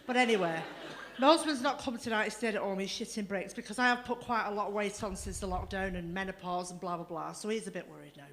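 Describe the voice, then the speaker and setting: A woman's voice: medium pitch, fast. A woman doing a bawdy stand-up comedy set, swearing freely and laughing through her lines. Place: comedy club stage.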